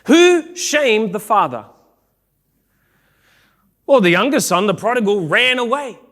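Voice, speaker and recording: A male pastor preaching a sermon in a church, animated, acting out the people he quotes and rising to shouts. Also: sits high, unhurried. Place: church sanctuary.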